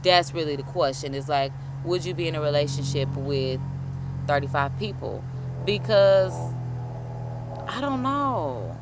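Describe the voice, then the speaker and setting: Animated woman host, casual and slangy. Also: low voice, normal speed, background noise. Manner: animated, slangy, swears, calls listeners honey. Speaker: host reacting to a video. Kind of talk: casual chat.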